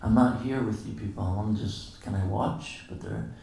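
Male lecturer, low and dark-toned, relaxed storyteller who acts out quotes; very echoey, distant hall recording. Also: normal speed, gravelly. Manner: casual storytelling, acting out quoted dialogue with chuckles. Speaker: guest lecturer at a temple. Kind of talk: anecdotal morning lecture. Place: temple hall.

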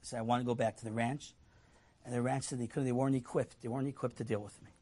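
A man's voice: medium pitch, quick pace, husky. A man telling an inspirational story to an audience, animatedly acting out the people he quotes. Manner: animated, acts out quoted voices, laughs. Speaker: storyteller speaker.

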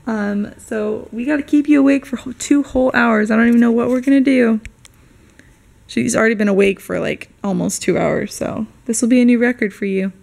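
A young woman narrating a casual family vlog to camera, chatty and candid with quick run-on asides. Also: fairly high pitch, gravelly, a little mellow. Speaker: family vlogger.

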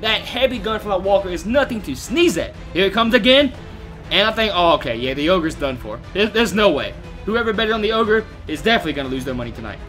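A man's voice: high-pitched, big pitch swings, fast talker, fairly bright tone, soft background music. A young man hosting a gaming channel, giving casual, jokey, profane gameplay commentary to his viewers.

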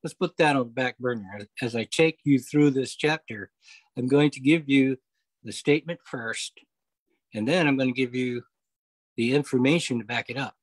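A man leading a Bible study over a video call, explaining scripture step by step, often pausing on okay and uh. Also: medium pitch, no room sound, rough recording. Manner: explanatory, repeats key points, frequent okay and uh. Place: home, online meeting.

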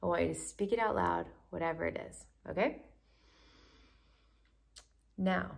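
Very gravelly, husky woman guiding breathwork. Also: on the low side, unhurried, long pauses. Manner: drops often into a breathy whisper; gushing, excited encouragement. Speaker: manifestation coach. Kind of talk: guided breathing practice.

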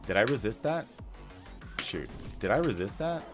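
Puzzled low-voiced male streamer. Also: sing-song, normal speed, music in the background. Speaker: game streamer. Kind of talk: live-stream gaming commentary.

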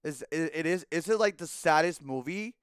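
A man's voice: fairly high pitch, animated, normal speed, clear, resonant tone, dry recording. A man in his thirties chatting casually on a livestream while gaming, rambling, swearing often and breaking into laughter. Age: 30s. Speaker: streamer.

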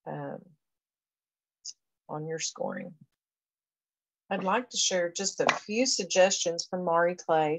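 A woman's voice: low-pitched, no echo, low-quality recording. A woman education professor giving a conversational recorded lecture, explaining things step by step with frequent fillers. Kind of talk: recorded lecture walking through a reading assessment.

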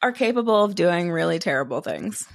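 A woman's voice: fairly low pitch, expressive, fairly quick, vocal fry, no room sound, studio quality. A woman guest on a podcast, talking in a blunt, matter-of-fact way. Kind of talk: casual chat.

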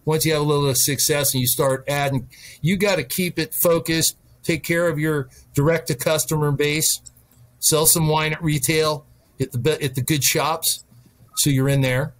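A man's voice: fairly high pitch, steady tone, moderate pace. A middle-aged man, a wine specialist, chatting as a guest and telling long anecdotes, with frequent restarts. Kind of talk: storytelling interview chat.

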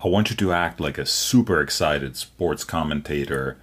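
A man's voice: very deep voice, normal speed, fairly bright tone, slightly rough. A man casually asking a voice assistant to do things, hesitant with many fillers. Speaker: user testing the voice assistant. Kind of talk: casual spoken requests.

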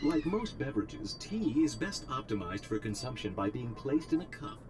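A man's voice: mid-range voice, big pitch swings, normal speed, natural voice. A man voicing a polite, formal male robot instructor in a video game who explains human customs like a lecture. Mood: instructive. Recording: game audio with music behind.

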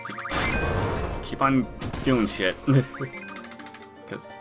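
A man giving jokey, crude, excitable commentary while playing a video game. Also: medium pitch, very slow. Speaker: let's play commentator. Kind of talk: casual gameplay commentary. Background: game music.

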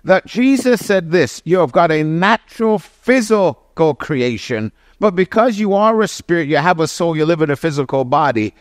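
A man's voice: a little high, very animated, normal speed, hardly any pauses, no echo, clean studio sound. A man preaching a sermon, emphatic and full of rhetorical questions to his listeners, often restarting and correcting himself mid-phrase. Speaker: pastor.

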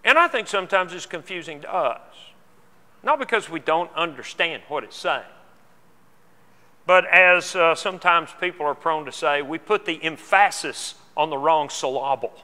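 Bright-voiced preacher man in a reverberant church. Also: on the high side, lively intonation, moderate pace. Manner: earnest, repeats words when restarting. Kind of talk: sermon. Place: church auditorium. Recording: long hall reverb.

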